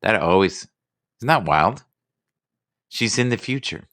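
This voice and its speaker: A man's voice: lowish voice, expressive, unhurried, fairly bright tone, no echo, clean studio sound. A man hosting a casual live stream, joking and rambling playfully with his guests.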